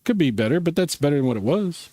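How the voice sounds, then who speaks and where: A man's voice: on the high side, animated, fast talker, mellow. A man hosting a casual live gaming stream, chatting and reacting to viewer comments while he plays. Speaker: livestream host.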